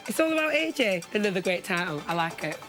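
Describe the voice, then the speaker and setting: A woman's voice: mid-range voice, big pitch swings, quick pace. A woman hosting a late-night entertainment show, bubbly and chatty. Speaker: host. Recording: music in the background.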